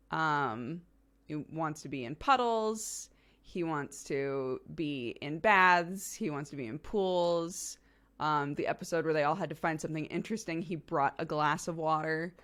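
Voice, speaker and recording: A young woman streamer in casual chat, relaxed and giggly, rambling with lots of fillers. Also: sits low.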